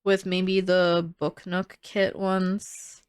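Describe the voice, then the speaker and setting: A woman's voice: fairly low pitch, little pitch movement, drawn-out words, a little mellow, clear, resonant tone, no echo. A young woman casually thinking aloud while she builds in a game, chatty and full of "like"s. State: sleepy, yawning. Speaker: gaming creator building in a life sim.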